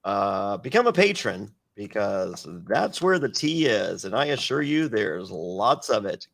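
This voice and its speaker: Male host, animated delivery with a wide pitch range, casual and profane. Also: a little slow, creaky, hardly any pauses. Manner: lively, swears freely, mimics people. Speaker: podcast host. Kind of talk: casual recap chat.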